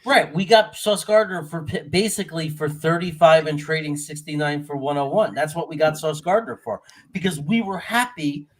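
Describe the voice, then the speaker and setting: This man's voice sits somewhat higher than most. He chimes in with enthusiasm during a casual sports chat. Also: normal speed, hardly any pauses, poor audio.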